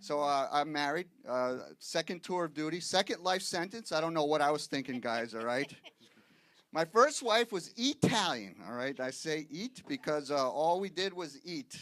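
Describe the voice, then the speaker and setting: Wisecracking comic man, bright voice. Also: a little high, moderate pace, hardly any pauses, no room sound. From Boston. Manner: wisecracking, punchy delivery with frequent "okay, guys?" asides. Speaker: stand-up comic guest. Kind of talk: stand-up comedy set. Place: live comedy show with audience.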